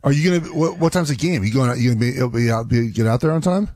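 A man's voice: mid-range voice, lively intonation, quick pace, darkish tone, dry recording, studio quality. A middle-aged man in casual chat, easygoing and full of fillers.

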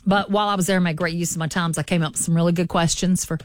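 A woman with a Southern accent, hosting a radio show and telling a story in a chatty, animated way. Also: on the low side, rapid-fire, no room sound, clean studio sound. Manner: chatty, animated, says y'all. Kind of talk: casual chat, storytelling.

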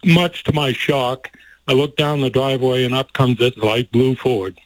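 A man's voice: mid-range voice, fairly even intonation, a little slow, dry recording, low-quality recording. An older man telling a story from his youth in a folksy way, laughing often and getting emotional. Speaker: guest telling a life story. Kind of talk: personal storytelling.

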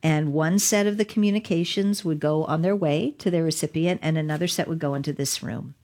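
A middle-aged woman with a notably low voice recounts events as an interview guest. She tells it in an animated way and laughs often as she goes. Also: fairly quick. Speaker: digital rights lawyer. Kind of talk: storytelling in an interview.

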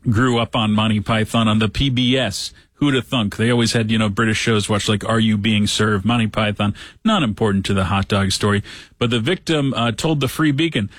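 A man's voice: fairly low pitch, fairly even intonation, brisk, fairly bright tone, no room sound. A man hosting a talk show, reading out news stories with sarcastic, wisecracking asides. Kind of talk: comedic news commentary.

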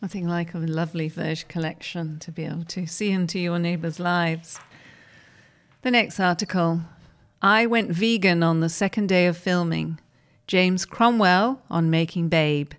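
Steady woman reading articles aloud, lowish voice. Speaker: reader of articles.

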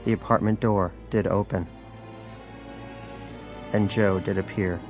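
A man's voice: fairly low pitch, fairly even intonation, a little slow, over music. A man narrating an audiobook in a dry, wry storytelling manner.

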